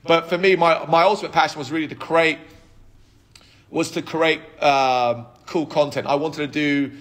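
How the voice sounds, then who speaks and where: A man in his thirties, a podcast guest telling his life story in an animated way, with frequent restarts. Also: a little high, normal speed. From United Kingdom. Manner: animated, acts out quoted dialogue, frequent restarts. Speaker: podcast guest, app co-founder.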